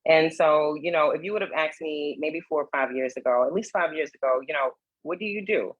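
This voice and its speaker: A woman who is a runway and confidence coach, speaking as a talk show guest in a gracious, measured way. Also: sits low, steady tone, dry recording. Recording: dull, dry lo-fi sound.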